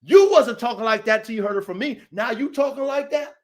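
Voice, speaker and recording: A man with a high voice for his sex, hosting a dog-training podcast. He rants in a heated, confrontational way, swearing freely and repeating himself for emphasis. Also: a little fast, a little mellow. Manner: profane, repetitive, confrontational. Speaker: dog trainer and show host.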